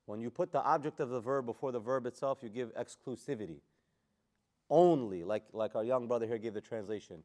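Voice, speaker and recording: Philly guy teaching quran class, talks quick, fires questions at students, real animated. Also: mid-range voice. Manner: animated, quizzing the class, casual street phrasing. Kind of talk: classroom lesson on Quran tafsir.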